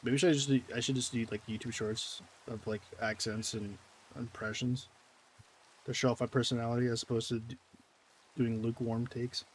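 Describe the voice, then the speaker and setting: A man's voice: mid-range voice, flat delivery, normal speed, slight background noise. Rambling male gaming streamer. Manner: rambling, self-deprecating, reading chat. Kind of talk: casual gameplay commentary.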